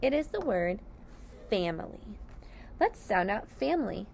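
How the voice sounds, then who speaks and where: A woman teacher slowly sounding out sight words, syllable by syllable, for young children. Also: mid-range voice, sing-song, darkish tone, a little hiss or hum. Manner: clear, deliberate sounding out of each letter. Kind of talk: slow phonics lesson.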